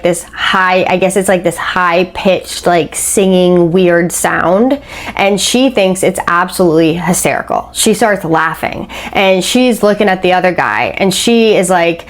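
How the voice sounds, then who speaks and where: A woman casually retelling someone else's story, chatty, with many fillers, acting out the quoted speech. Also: on the low side.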